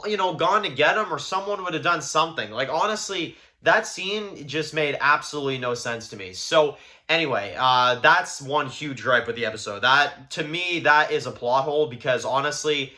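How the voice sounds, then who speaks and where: Young male reviewer, bright tone, rambling casual delivery with exasperated asides. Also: a little high. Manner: rambling, filler-heavy, exasperated gripes. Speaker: show reviewer.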